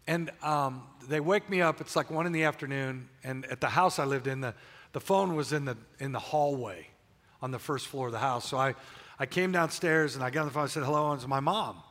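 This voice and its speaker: A man's voice: medium pitch, a bit bright. An older man preaching a sermon in a large church, telling his story candidly with frequent restarts. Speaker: pastor. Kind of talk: sermon with personal testimony. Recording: long church hall reverb.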